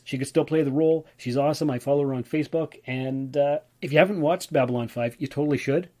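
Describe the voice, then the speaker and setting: A man hosting his own podcast, talking alone in a casual, rambling, excitable way with many fillers. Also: medium pitch. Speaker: podcast host. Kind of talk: casual solo podcast chat.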